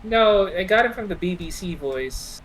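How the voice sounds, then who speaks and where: A woman with a deep voice in casual stream chat, rambling and restarting her sentences. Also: animated, normal speed, rough recording.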